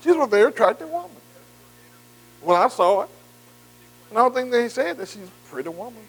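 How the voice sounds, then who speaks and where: A man leads a bible study in a folksy, informal, conversational preaching style, engaging the room by repeatedly saying "see" and "am I right" and checking in with listeners. His voice is extremely high, sing-song, slightly bright and husky, at a slightly fast pace, and the audio is poor.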